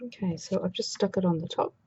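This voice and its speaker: A woman's voice: lowish voice, quick pace, dark tone, lo-fi sound, slight background noise. A woman demonstrating a craft project in a chatty, casual way, thinking aloud as she works. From Australia.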